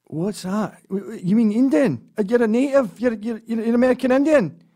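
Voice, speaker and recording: A man's voice: very high-pitched, a little fast, dark tone, pitched above the performer's own voice. A man putting on a sentimental, blunt Glaswegian man, stammering out wide-eyed questions. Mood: amazed.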